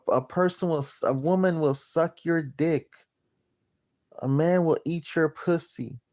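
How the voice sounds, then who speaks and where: A man's voice: mid-range voice, darkish tone. A man selling land and property, delivering a crude, blunt, repetitive rant to his viewers. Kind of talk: profane motivational rant to camera.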